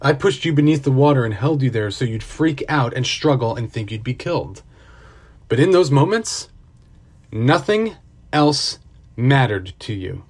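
A man voicing a stern older millionaire mentor, speaking low, calm and commanding. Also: moderate pace, close to an everyday voice. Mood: calm, intense.

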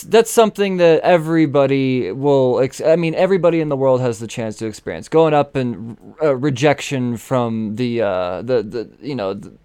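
Smooth-voiced man, halting and rambling. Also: mid-range voice, a little mellow. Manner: halting, full of restarts and fillers. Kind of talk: casual conversation.

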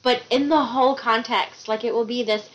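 Giggly high-voiced woman. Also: fairly even intonation, normal speed, rough recording. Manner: enthusiastic, giggly, chiming in. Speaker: book podcast co-host. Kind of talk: casual chat.

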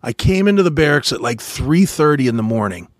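A man hosting a podcast, telling army stories in a casual, profane way and loudly acting out the people he quotes. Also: medium pitch, brisk, dry recording, clean studio sound. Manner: animated, swearing, acts out quotes loudly. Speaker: podcast host, former soldier. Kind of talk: casual storytelling chat.

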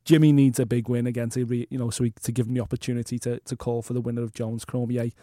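A man's voice: medium pitch, little pitch movement, quick pace, mellow, dry recording, studio quality. Enthusiastic man talking fights. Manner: enthusiastic, emphatic. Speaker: podcast co-host. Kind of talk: casual MMA podcast chat.

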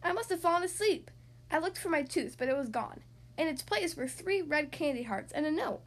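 A woman hosting a children's podcast, reading a picture book aloud in an expressive, animated way. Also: high-pitched, fairly quick. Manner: animated and expressive, acting out the characters. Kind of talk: storybook read-aloud.

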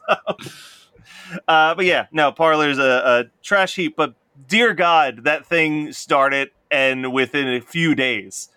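Bright, laughing man in casual chat. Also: slow pace, smooth, no room sound. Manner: laughs often, mimics people in high voices. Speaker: podcast co-host.

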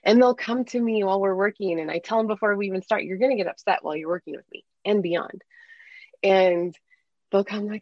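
A woman's voice: mid-range voice, fast talker, darkish tone, no echo, muffled recording. A woman working as a parenting coach, explaining earnestly in a conversational interview and acting out bits of dialogue.

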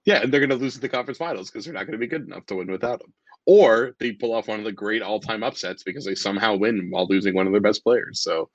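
A man's voice: fairly low pitch, fast talker, no room sound, muffled recording. A man co-hosting a sports podcast, making dry wisecracking asides in casual chat. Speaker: podcast co-host.

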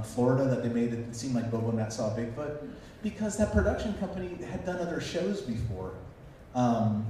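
A man's voice: medium pitch, dark tone, a little hiss or hum. A man speaking at a conference, telling stories animatedly and acting out quoted voices. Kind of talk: storytelling talk to an audience. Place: conference hall. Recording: echoey hall recording from far off.

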